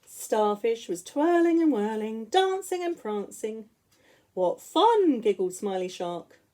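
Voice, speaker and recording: A woman teacher reading picture books aloud to young children in an expressive, sing-song way. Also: fairly high pitch, measured pace. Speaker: school teacher.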